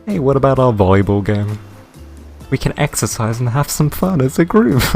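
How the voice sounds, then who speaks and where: A man's voice: mid-range voice, big pitch swings, normal speed, vocal fry, darkish tone, faint music behind, voice pushed up. A man reading the lines of a cheerful, flirty woman who loves fun, in a game, in an upbeat, teasing way.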